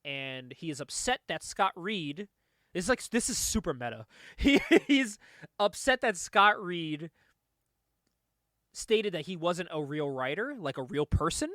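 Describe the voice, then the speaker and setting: Male: higher-pitched casual podcast host. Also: big pitch swings, a little slow, fairly bright tone, dry recording, studio quality. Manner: laughs often, swears casually, rambling recap. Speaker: comic book podcast host. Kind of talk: casual comic review chat.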